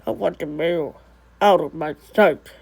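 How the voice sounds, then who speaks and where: A woman voicing a stubborn, brooding young ghost in a one-person amateur drama, speaking low, curt and defiant. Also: measured pace, vocal fry, darkish tone, breathy edge, exaggerated voice, rough recording.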